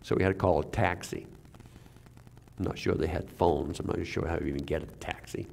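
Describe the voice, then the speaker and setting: A man's voice: deep voice, steady tone, brisk, gravelly, darkish tone, slight background noise. A man preaching a conversational sermon as a pastor, full of restarts, who sometimes drops almost to a whisper.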